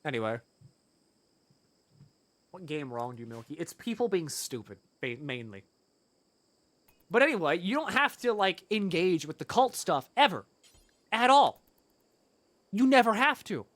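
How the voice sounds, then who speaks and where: Animated sarcastic young streamer, high voice. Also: male voice, measured pace, pauses often, dry recording. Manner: animated, sarcastic, profane storytelling. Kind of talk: casual gameplay commentary.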